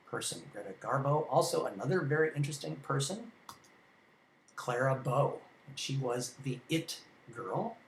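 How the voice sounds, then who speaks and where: A man's voice: mid-range voice, creaky, slight background noise. A man teaching film history in an informal classroom lecture, rambling and conversational, with many ums and restarts. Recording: echoey room.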